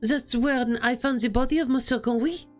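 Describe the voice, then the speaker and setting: A woman's voice: on the high side, steady tone, normal speed, faint music behind, natural voice. A woman voicing a sweet, naive young noble cat lady in a visual novel read-aloud. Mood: innocent.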